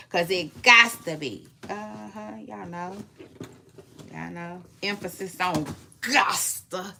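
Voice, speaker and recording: Slow, animated woman with a gravelly edge. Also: fairly low pitch. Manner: chatty, drawn-out, playful asides to viewers. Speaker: vlog host. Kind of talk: casual celebrity gossip commentary.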